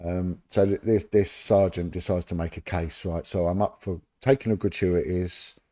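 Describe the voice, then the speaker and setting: Warm-voiced London man telling anecdotes. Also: low voice, moderate pace. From London, England. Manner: animated anecdotes, acting out quoted voices. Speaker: former police detective, podcast guest. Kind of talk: casual storytelling interview.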